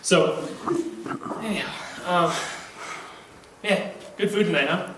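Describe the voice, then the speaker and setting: High-voiced young man joking in an echoey hall. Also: slow pace, noisy background. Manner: rambling, self-mocking, playful. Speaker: stand-up comedian. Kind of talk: stand-up comedy. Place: room at a church Christmas party. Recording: echoey room from far off.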